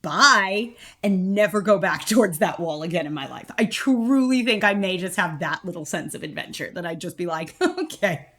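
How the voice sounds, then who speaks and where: A woman co-hosting a podcast, chatting casually about films in an animated, self-mocking way. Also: on the low side, a little fast, hardly any pauses. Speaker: podcast co-host. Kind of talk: casual film review chat.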